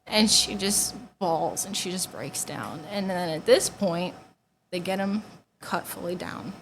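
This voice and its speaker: A woman's voice: fairly low pitch, unhurried, fairly bright tone, a little hiss or hum, poor audio. Young woman telling an emotional testimony. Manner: conversational, heavy use of "like", drops to near-whispers at painful moments. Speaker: guest giving a testimony.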